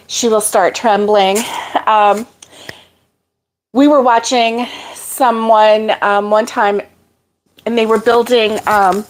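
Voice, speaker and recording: A middle-aged woman hosting a casual live stream from her kitchen at home, chatting in a rambling way with lots of fillers. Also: medium pitch.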